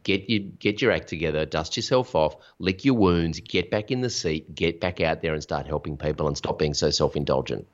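A man's voice: a bass voice, a little fast, hardly any pauses. A man speaking as a podcast guest, telling candid stories and giving motivational advice in a frank interview conversation. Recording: dull lo-fi sound.

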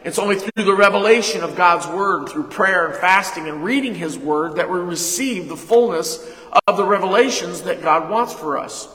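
A man preaching a sermon as pastor, leading call-and-response and retelling a conversation, with sudden loud emphasis. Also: high voice, moderate pace. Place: church sanctuary. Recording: echoey hall reverb.

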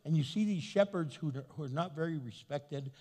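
A man preaching a sermon as pastor, animated and acting out the voices of people he quotes. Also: fairly high pitch, moderate pace. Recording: long hall reverb.

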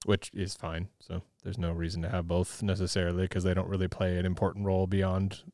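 A man's voice: low voice, monotone, fairly quick, mellow, dry recording, studio quality. A man co-hosting a podcast, explaining differences between book and film in a thoughtful, hedging way. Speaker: podcast co-host. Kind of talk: casual movie chat.

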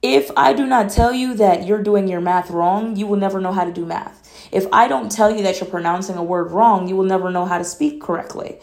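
This young woman from Atlanta, USA, hosts a casual solo podcast. Her medium-pitched, darkish voice moves a little fast, and she speaks in a blunt, candid, matter-of-fact way.

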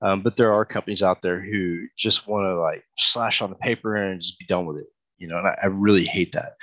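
A man hosting an interview who works as a pen tester and talks in a relaxed way, often repeating words while he thinks. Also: low-pitched, no room sound, rough recording. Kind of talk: conversational interview.

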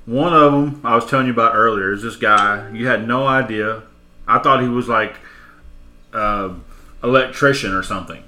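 A middle-aged man with a bright, forward voice, chatting on a podcast. He tells stories in a lively way, slips into quoted voices, and laughs often. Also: medium pitch. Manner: animated storyteller, acts out quotes, laughs often. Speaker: podcast co-host. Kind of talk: casual chat.

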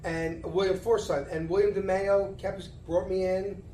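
A man's voice: high-pitched, unhurried. Middle-aged Philadelphia man in a roomy echo. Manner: animated storyteller who acts out dialogue. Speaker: guest. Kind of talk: casual storytelling interview. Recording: roomy echo, faint background noise.

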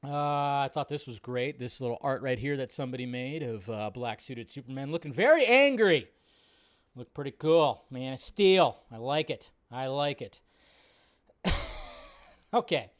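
A man hosting a live show, chatting casually in a rambling way and swearing often during animated rants. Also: mid-range voice, a little slow. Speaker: host.

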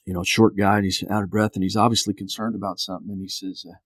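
A man's voice: low voice, fast, no room sound, clean studio sound. A man in his fifties, a podcast guest, casually telling a long story and acting out other people's lines. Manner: animated storyteller who acts out quotes.

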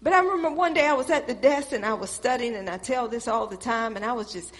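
A middle-aged woman telling a preached testimony, speaking in an animated storytelling way and calling out to her audience. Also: a little high, quick pace.

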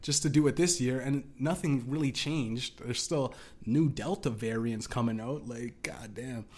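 A man's voice: mid-range voice, unhurried, darkish tone. A young man hosting a solo podcast, ranting casually with lots of swearing, restarts and laughing asides. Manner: profane, rambling, laughing asides.

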